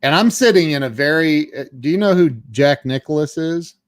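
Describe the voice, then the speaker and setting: A middle-aged man recounting his own past in a candid, halting way, often stammering and restarting. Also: fairly high pitch, lively intonation, no echo. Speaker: guest telling his story. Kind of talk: candid personal storytelling.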